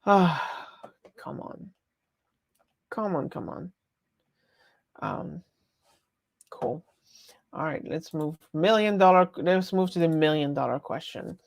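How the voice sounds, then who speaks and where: A woman's voice: low voice, slow pace, creaky, long pauses, no echo. A woman with a French accent chatting casually on a live stream, rambling and breaking off her own sentences. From France. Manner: rambling, chatty, self-interrupting.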